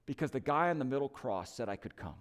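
A man voicing a humble male thief who answers bluntly. He speaks in a low, flat and quiet way. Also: fast, close to an everyday voice.

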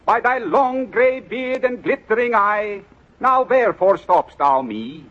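A self-important know-it-all. His husky voice is high and lively. It comes through a muffled 1940s radio recording. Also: a little slow, heavily acted. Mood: pompous. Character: pompous Swedish know-it-all student. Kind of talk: 1940s radio sitcom acting. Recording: muffled old radio broadcast.

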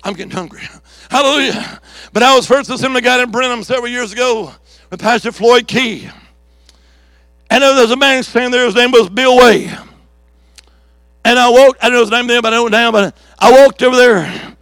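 A man preaching a revival sermon as an evangelist in a church service, with rhythmic repeated declarations and shouted calls for the congregation to answer. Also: extremely high pitch, a little fast, long pauses, dry recording. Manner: fiery preaching with shouts and call-and-response.

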